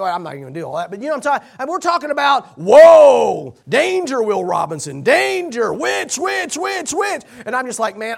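A man pastor telling a story in a sermon, animated and rambling, shouting for emphasis before a congregation. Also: high voice, gravelly.

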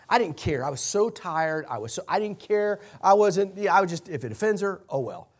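Pastor guy preaching, gravelly, keeps restarting sentences, yells the punchlines. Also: sits high, a little fast. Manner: animated, rambling with restarts, shouts for emphasis. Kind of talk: sermon storytelling.

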